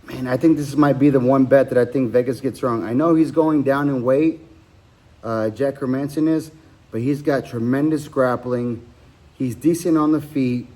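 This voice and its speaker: A man hosts his own podcast and talks through betting picks alone in a loose, casual way. He rambles, stops to correct himself and fills the gaps with ums and uhs. His voice sits at a middle pitch for a man. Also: steady tone, moderate pace, dark tone. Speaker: podcast host giving fight picks. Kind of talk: casual solo betting breakdown.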